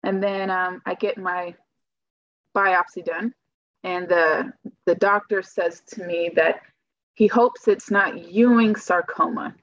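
A woman's voice: lowish voice, steady tone, slow, fairly bright tone, no echo, muffled recording. Woman rambling through a personal story. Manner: rambling, heavy use of "like" fillers. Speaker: guest telling her story.

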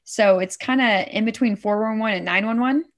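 A middle-aged woman from Oklahoma, a suicide prevention worker, talking as an interview guest in a lively way that checks in with "right?" and acts out quotes. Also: a little high, normal speed. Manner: animated, says "right?" often, acts out quotes. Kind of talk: conversational interview.

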